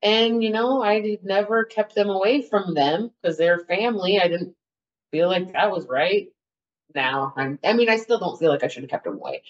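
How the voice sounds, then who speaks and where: A woman's voice: medium pitch, normal speed. A woman telling her personal story as a podcast guest, in an earnest, rambling way. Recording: dull, lo-fi audio.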